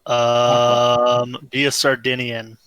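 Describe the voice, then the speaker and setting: A man's voice: mid-range voice, monotone, extremely slow, a bit bright, clear, resonant tone, no room sound, poor audio. A man chatting casually and bluntly with friends on an online call. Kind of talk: casual chat.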